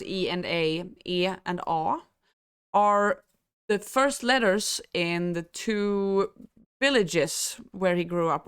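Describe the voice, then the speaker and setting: A woman from Sweden explains words and customs to beginners at an easy, unhurried pace. Her voice is smooth and clear, sitting a little on the lower side, recorded dry and close. She talks thoughtfully, with small pauses and fillers. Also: dry recording. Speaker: language teacher. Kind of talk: explaining language and culture.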